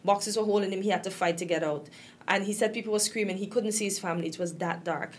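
A woman's voice: mid-range voice, steady tone, fast talker, slight background noise. A woman from Guyana with a Guyanese accent, talking in a casual, impassioned and indignant way. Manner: impassioned and indignant, voice rising with upset. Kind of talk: emotional casual talk.

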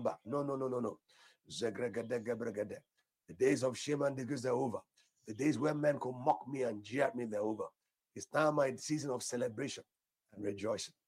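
A man's voice: mid-range voice, breathy edge. An older male pastor leading fervent prayer, repeating short declarations and breaking into speaking in tongues.

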